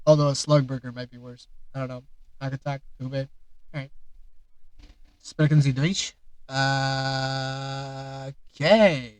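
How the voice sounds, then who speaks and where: A man's voice: medium pitch, no room sound, rough recording. A man streaming live, reacting to maps in casual commentary with sarcastic, exasperated outbursts.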